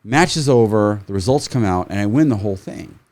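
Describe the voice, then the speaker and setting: A middle-aged man, a firearms trainer, telling stories in a casual, animated way, swearing freely and acting out quotes. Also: fairly low pitch, fairly quick, dry recording. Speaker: firearms trainer, podcast guest. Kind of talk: casual storytelling.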